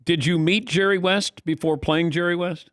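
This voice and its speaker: A man's voice: high-pitched, steady tone, moderate pace, fairly bright tone, dry recording, studio quality. A man hosting a sports talk show, introducing and questioning a guest in a conversational, storytelling way. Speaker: radio talk show host. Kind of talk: interview questions and banter.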